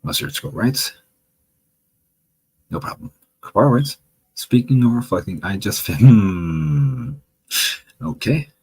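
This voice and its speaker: A man hosting a livestream, reading viewer comments aloud with a chatty, wry manner and a gravelly voice. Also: lowish voice, lively intonation, takes it slowly, long pauses, a little mellow, rough recording. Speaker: livestream host reading chat. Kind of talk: casual livestream chat.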